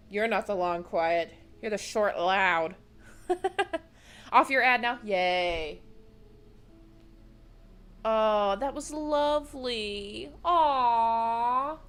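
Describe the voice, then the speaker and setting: A woman's voice: on the high side, animated, drawn-out words, pauses often, a bit bright, smooth, soft background music. A young woman streaming a game from home at a desk mic, gushing and emotional, baby-talking to her pets. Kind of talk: gaming livestream chat. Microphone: desk microphone.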